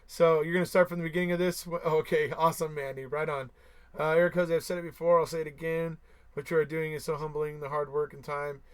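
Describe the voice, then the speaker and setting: A man's voice: on the high side, little pitch movement, fast talker, clean tone. A man hosting a casual live stream, reading viewer comments aloud and answering them, who repeats himself for emphasis and chuckles between remarks.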